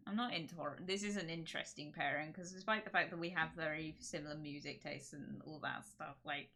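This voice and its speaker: Giggly woman streamer, bright voice. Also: low voice. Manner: rambling, giggly, self-interrupting. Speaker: streamer host. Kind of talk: casual chat on a livestream.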